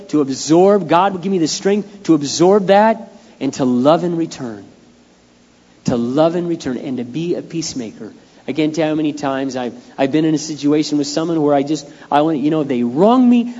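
Middle-aged male pastor, slightly high voice, conversational sermon, quiet asides then loud bursts; long hall reverb. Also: muffled recording.

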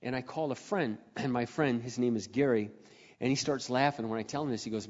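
A man telling a personal story in a sermon, animated, dropping to a hush and then rising to loud exclamations. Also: mid-range voice, fairly quick. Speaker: speaker. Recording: echoey hall, dull lo-fi sound.

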